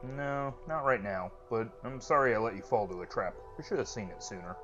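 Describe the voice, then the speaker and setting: Brief: let's-play host, lowish man, dull lo-fi mic with game music. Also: a little fast. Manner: chatty, joking asides. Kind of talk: casual game commentary.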